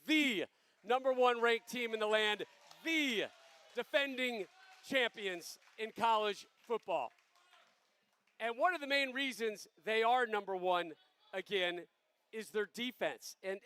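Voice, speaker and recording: A man with a high, bright speaking voice hosts a live show in upbeat patter. He rouses the audience and tees up questions for his panel, and the sound is dry and close. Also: smooth, no room sound. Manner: upbeat, crowd-rousing host patter. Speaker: host.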